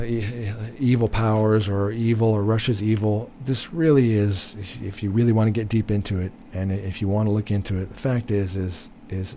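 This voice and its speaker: A man's voice: fairly low pitch, warm tone, slight background noise. A man giving blunt, opinionated political commentary, repeating himself with many fillers and restarts. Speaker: commentary host.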